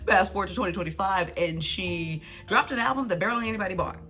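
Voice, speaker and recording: Bright, sarcastic American woman commentator. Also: mid-range voice, quick pace. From United States. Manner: animated, sarcastic. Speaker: social media commentator. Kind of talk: casual commentary.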